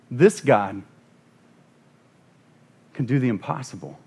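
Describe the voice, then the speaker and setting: A man's voice: mid-range voice, lively intonation, normal speed, long pauses, slightly rough. Earnest man preaching with rising passion. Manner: earnest, building to impassioned repetition. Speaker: guest pastor. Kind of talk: sermon. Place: church sanctuary.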